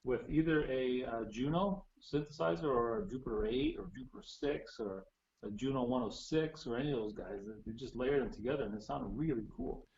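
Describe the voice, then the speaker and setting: A man's voice: medium pitch, lively intonation, fairly quick, vocal fry, darkish tone, dull audio. A man in casual chat, explaining old music gear in a chatty way with restarts, heard over a call. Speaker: guest musician. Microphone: phone or video call.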